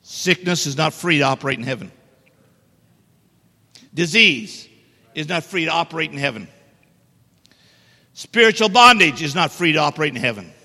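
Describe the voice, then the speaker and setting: A man's voice: fairly high pitch, expressive, normal speed, pauses often, sharp tone. A middle-aged man preaching a sermon in a church, emphatic and joking with the congregation. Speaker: guest preacher. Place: church sanctuary. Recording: echoey church hall reverb.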